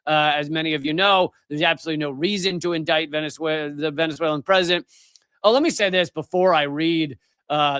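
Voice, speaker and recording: Middle-aged male livestream host, furious profane rant, fairly high voice, dry close sound. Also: a bit bright, dry recording. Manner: angry, profane, emphatic with many restarts. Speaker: political commentary show host. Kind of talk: live-streamed ranting commentary.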